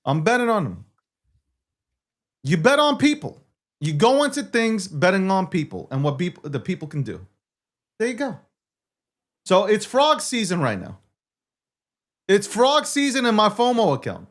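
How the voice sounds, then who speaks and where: Cocky guy on a live crypto stream, swears a lot, high lively voice all over the place. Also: unhurried, pauses often. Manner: brash, profane, boastful. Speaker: show host.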